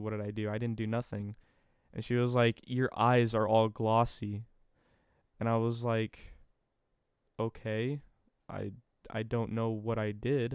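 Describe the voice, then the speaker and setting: A man's voice: mid-range voice, a little mellow, smooth, dry recording, clean studio sound. A young man vlogging a casual, profane story time, retelling a conversation line by line. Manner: rambling and profane, retelling with quoted back-and-forth.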